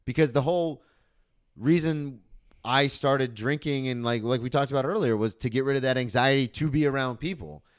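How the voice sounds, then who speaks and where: A young man hosting a casual podcast chat, relaxed and talkative, asking follow-up questions. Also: mid-range voice, moderate pace, no room sound, clean studio sound. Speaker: podcast host.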